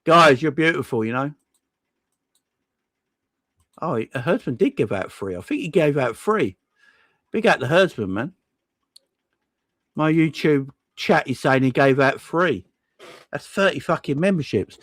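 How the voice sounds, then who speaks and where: A man hosting a casual livestream, thanking viewers one by one in an excitable, effusive way with plenty of slang. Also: mid-range voice, unhurried, long pauses, no echo. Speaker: livestream host.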